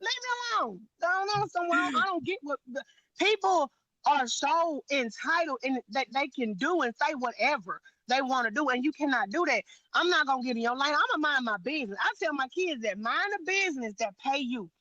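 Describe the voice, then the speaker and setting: A woman's voice: sits high, lively intonation, a little fast, bright, forceful tone, no echo, dull audio. A woman telling a heated story on a live panel, blunt and profane, with lots of emphasis.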